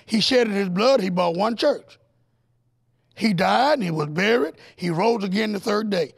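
A male preacher with a strikingly high voice and a gravelly, fried edge teaching a televised Bible lesson. He presses his points hard, fires rhetorical questions at the audience, and pushes up into excited, almost shouted highs. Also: unhurried. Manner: rising to excited, near-shouted peaks.

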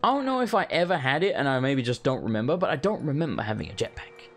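A man rambles through casual gaming commentary, swearing freely. His speech rises and falls in a lively way over faint game music. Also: medium pitch, fast. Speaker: gaming host. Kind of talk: casual let's play commentary.

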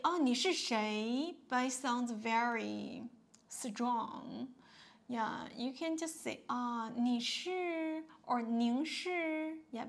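A woman teacher with a Chinese accent speaks slowly in a slightly high voice with a gravelly edge. She explains patiently, repeats each word and keeps saying "yeah" and "okay" between phrases. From China. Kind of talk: explaining a beginner lesson.

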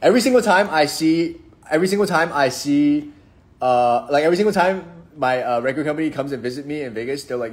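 Young man, live-stream host, playful rambling chat, slightly higher voice, joking replies to comments. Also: expressive, fast. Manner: playful, jokey, rambling with restarts and sudden mock-sad drops.

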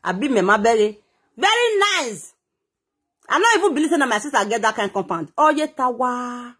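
A woman with a Nigerian accent telling gossip stories in a casual vlog. She talks in an animated way, exclaiming and repeating words for effect. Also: on the high side, normal speed, breathy edge. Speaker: gossip vlogger.

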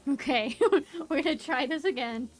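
A woman streamer commentating her own gameplay, excitable and panicky, laughing often. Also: high-pitched, normal speed, soft background music. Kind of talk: live game commentary.

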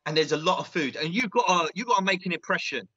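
A man's voice: on the high side, lively intonation, fast talker, pushed and bright, husky, no echo, dull audio, exaggerated voice. A man playing a big, earnest, clueless self-styled diet guru in a comedy sketch, instructor patter full of "yeah?" and "right?". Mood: instructive.

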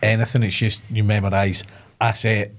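A man hosting a podcast, asking a guest friendly open questions in a relaxed way. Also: fairly low pitch, normal speed. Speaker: podcast host. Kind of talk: casual podcast interviewing.

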